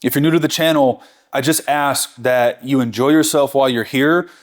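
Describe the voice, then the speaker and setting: A man's voice: mid-range voice, steady tone, normal speed. A man in his thirties hosting a barbecue channel, talking through a hands-on cooking demonstration in an enthusiastic, chatty way and correcting himself as he goes.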